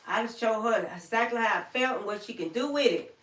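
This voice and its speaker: A woman's voice: fairly high pitch, brisk, fairly bright tone, echoey room, recorded from a distance. An older woman hosting a livestream, talking in a folksy, heartfelt way and speaking straight to her viewers by name. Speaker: livestream host. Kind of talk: casual livestream chat with viewers.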